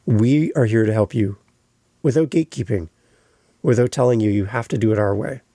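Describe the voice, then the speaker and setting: Gravelly-voiced man hosting a podcast. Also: medium pitch, a little fast, warm tone, dry recording, studio quality. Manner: emphatic, repeats phrases for stress. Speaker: podcast host. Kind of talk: solo podcast monologue.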